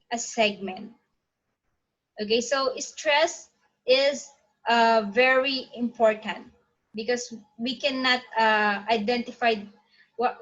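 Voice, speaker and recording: A woman's voice: fairly high pitch, a bit bright, lo-fi sound. Woman lecturing, many "okay"s. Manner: frequent "okay" fillers, pauses to check slides. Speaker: teacher. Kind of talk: online phonetics lecture.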